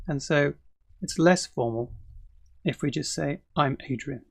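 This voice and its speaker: A man with a British accent teaching an English lesson, speaking slowly and clearly and modelling example phrases. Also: a little high, no echo.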